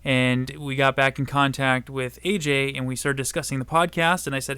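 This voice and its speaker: A man hosting a casual podcast chat, relaxed and chatty, reading out viewer questions. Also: medium pitch, a little fast, few pauses, clear, resonant tone, no echo. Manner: relaxed, chatty, laughs often. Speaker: podcast host.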